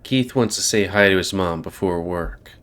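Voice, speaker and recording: A man's voice: low voice, normal speed, fairly bright tone. Man reading as a dopey, snooty young woman. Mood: eerie. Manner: snooty with a childish undertone. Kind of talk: reading a visual novel aloud.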